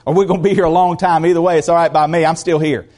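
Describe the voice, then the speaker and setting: A man's voice: on the high side, flat delivery, rapid-fire, a little mellow. A man preaching a sermon to his church, talking in a conversational way and repeating phrases for emphasis. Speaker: pastor. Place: church service.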